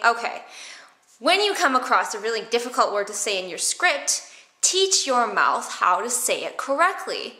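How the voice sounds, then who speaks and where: A woman teaching theatre vocal warmups in a playful, silly way, exaggerating her mouth movements. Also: fairly high pitch, big pitch swings, normal speed. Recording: echoey room.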